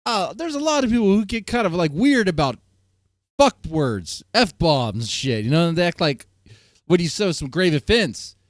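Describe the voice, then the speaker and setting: A man's voice: high voice, sing-song, moderate pace, no room sound, clean studio sound. A man hosting a live stream, chatting casually with a guest and his audience in a joking, laughing manner. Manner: laughing, joking, playful asides.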